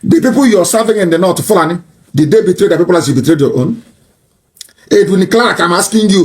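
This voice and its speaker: A man rails in a scornful political tirade. His voice sits a little high and swings from mocking to shouting. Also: lively intonation, a little fast.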